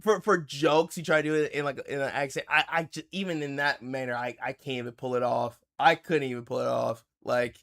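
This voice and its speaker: A man hosting a reaction livestream, chatting casually in a rambling, halting way with many restarts. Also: medium pitch, fairly even intonation, creaky, fairly bright tone. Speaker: livestream host. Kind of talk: casual reaction stream chat.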